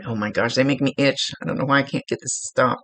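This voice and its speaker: Here a woman with a bass voice and fairly even intonation talks quickly, captured dry. She's a psychic medium doing a spirit reading for a client, wandering through it, groping for words and beginning her sentences again.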